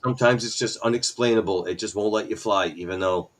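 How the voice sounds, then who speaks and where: A man guest on a live stream, telling a story in animated fashion and acting out quotes. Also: fairly low pitch, fast talker. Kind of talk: casual chat.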